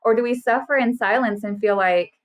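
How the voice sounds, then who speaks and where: A woman in her thirties, a burnout specialist, guests on a podcast in a casual interview chat. Her voice sits on the high side and moves a little fast, and she talks earnestly and animatedly, acting out the quotes she repeats.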